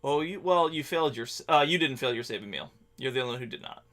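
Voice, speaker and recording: A man narrating a tabletop game as game master, telling the scene in a halting, descriptive way. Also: mid-range voice, animated, fairly bright tone.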